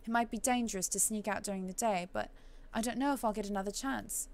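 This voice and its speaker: A woman voicing a thoughtful young heroine, reading her inner thoughts quietly and softly with a slightly posh touch. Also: mid-range voice, normal speed, slight background noise, natural voice. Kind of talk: let's play voice reading.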